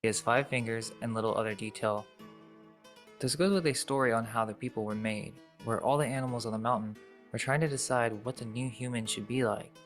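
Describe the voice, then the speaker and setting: A man reading documentary narration in a steady voice, with a few small slips, heard from a video that is being played. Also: medium pitch, fairly quick, soft background music.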